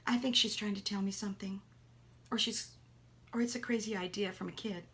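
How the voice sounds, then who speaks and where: Woman narrator for a kids' storybook, animated delivery with hushed asides. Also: medium pitch, fairly quick. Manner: animated, with soft whispered asides. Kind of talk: children's story reading.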